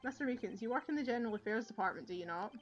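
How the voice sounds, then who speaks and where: A woman's voice: on the high side, expressive, very fast, lo-fi sound, soft background music, natural voice. A woman with a Scottish accent voicing an earnest young male defense lawyer in a plain, questioning tone, reading game dialogue aloud.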